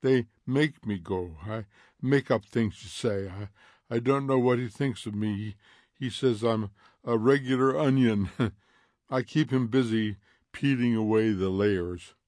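A man voicing a curious, gently odd teenage girl who talks softly and stumbles over her words. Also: medium pitch, a little slow, dry recording, clean studio sound, lightly acted. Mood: wondering.

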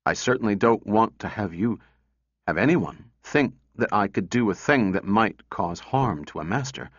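A man reading a story, voicing a timid male robot that speaks in a low, hoarse, apologetic way. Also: expressive, normal speed, fairly bright tone, no echo, muffled recording. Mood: pleading. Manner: hesitant, apologetic, deferential. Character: timid male robot, anxious and eager to please.

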